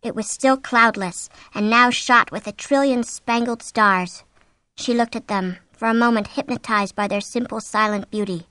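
A woman reading a horror novel aloud as an audiobook, with an expressive, suspenseful delivery on a close mic. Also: a little high, normal speed, dry recording. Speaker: audiobook narrator. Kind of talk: scripted narration of a horror novel.

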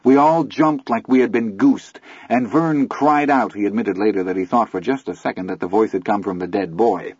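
A man narrating a story in a measured, scripted storytelling manner. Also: lowish voice, a little mellow, breathy edge, dry recording. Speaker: audiobook narrator. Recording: dull lo-fi audiobook recording.

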